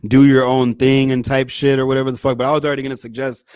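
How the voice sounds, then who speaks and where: A man's voice: mid-range voice, level tone, fast, a little mellow, smooth. A man, a guest on a webshow, talking in hyped casual chat with heavy swearing. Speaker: guest artist.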